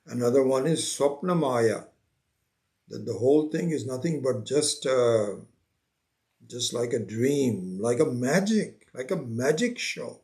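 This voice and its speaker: A man teaching a spiritual scripture class, unhurried, repeating his phrases and acting out the seekers he quotes. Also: mid-range voice, lively intonation, a little mellow. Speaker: Vedanta teacher.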